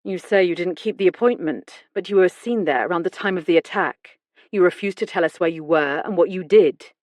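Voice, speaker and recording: A woman doing a calm, firm male detective. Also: fairly low pitch, no echo, natural voice. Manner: measured, steady and insistent.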